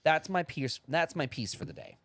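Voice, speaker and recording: A man co-hosting a podcast, ranting in casual chat, profane and animated as he acts out other people. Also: a little high, normal speed, no echo. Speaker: podcast co-host.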